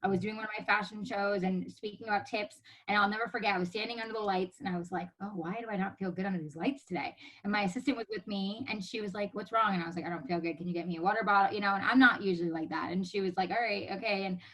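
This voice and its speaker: A woman in her thirties, a podcast guest telling a story in casual chat, animated and laughing often as she acts out what others said. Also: mid-range voice, racing, hardly any pauses, poor audio.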